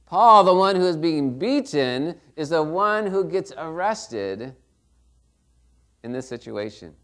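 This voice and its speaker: A man's voice: fairly high pitch, very animated, takes it slowly, a bit bright. A middle-aged man preaching a sermon in a conversational way, often checking in with the congregation. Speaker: pastor.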